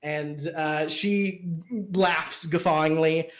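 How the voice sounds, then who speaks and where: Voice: mid-range voice, fairly even intonation, slow. A game master narrating a tabletop game, rambling with many fillers and restarts.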